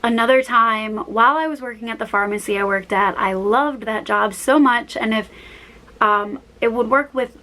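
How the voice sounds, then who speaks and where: A woman's voice: fairly high pitch, moderate pace, bright, forceful tone, rough recording. A woman in her early twenties telling casual stories in a rambling, chatty way, acting out her own quoted lines. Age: young adult, about 21. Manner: chatty, rambling, tangents and self-corrections. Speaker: vlogger. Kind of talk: casual storytime chat.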